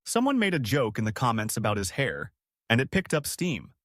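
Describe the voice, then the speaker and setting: Man narrating with lively, swinging pitch. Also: brisk, dry recording, clean studio sound. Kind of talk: scripted narration of reader stories.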